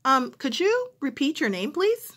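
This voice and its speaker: A woman's voice: sits high, very animated, a little slow, a bit bright, pitched above the performer's own voice, exaggerated voice. A woman voicing a curious caller who keeps asking questions over the phone. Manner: questioning, prying.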